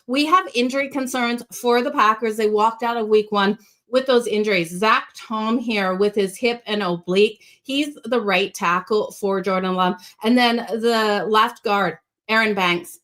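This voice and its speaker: Bright-voiced woman with a slight Australian accent. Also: mid-range voice, moderate pace. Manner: upbeat, addresses viewers directly. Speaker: sports betting show host. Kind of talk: sports betting picks talk.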